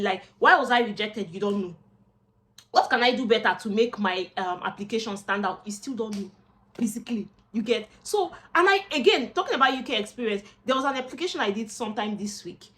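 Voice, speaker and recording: A young Nigerian-accented woman with a medium-pitched voice chats casually to camera. She's a vlogger and job seeker, expressive, and slips into Pidgin asides.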